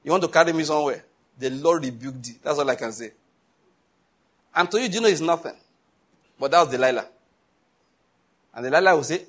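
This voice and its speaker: Pastor preaching, husky kinda high voice, acts out the back and forth in his stories. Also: brisk, pauses often, fairly bright tone. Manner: storytelling preacher, acting out dialogue, laughing at his own stories. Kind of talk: sermon.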